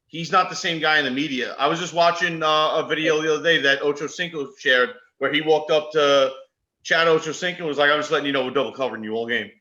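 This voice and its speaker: A man's voice: fairly high pitch, sharp tone. A man co-hosting a casual sports podcast who talks in a heated, blunt way and curses. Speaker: podcast co-host. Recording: echoey room.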